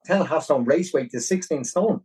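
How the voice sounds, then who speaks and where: A man in his forties with a Dublin Irish accent, a podcast guest telling his story in an animated, self-deprecating way. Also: a little high, brisk, slightly rough, far from the mic, low-quality recording. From Ireland. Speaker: podcast guest, marathon runner. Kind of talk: casual storytelling interview.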